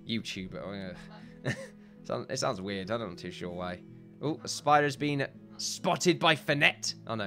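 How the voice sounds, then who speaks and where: A man's voice: mid-range voice, animated, normal speed, sharp tone. An upbeat man talks through his castle-building game in a casual let's-play style. He is chatty and laughs at his own slips. Faint background music runs beneath his voice. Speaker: gaming YouTuber.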